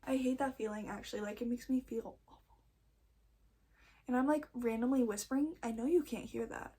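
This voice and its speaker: A young woman with a slightly raised pitch talks through her book haul in a loose, rambling way. She sounds a little nervous and often trails off or loses her thought before she picks it back up. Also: brisk, warm tone, husky. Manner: rambling, chatty, self-interrupting; nervous first-time vlogger. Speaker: book vlogger. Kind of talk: casual book haul chat.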